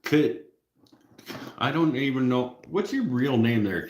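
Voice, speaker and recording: A man's voice: medium pitch, big pitch swings, takes it slowly, pauses often, reverberant. A Canadian man with a Canadian accent, hosting a casual live stream, joking with viewers and laughing at his own jokes. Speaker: livestream host.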